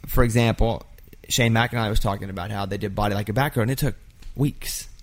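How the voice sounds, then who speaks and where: A man's voice: fairly low pitch, quick pace. A man hosting a conversational interview, asking curious, probing follow-up questions. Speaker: interview host.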